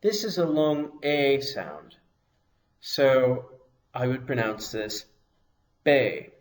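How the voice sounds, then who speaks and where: Slow, patient male language teacher. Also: mid-range voice, lively intonation. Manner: patient, deliberate, pronounces each sound slowly. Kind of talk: slow, careful language lesson.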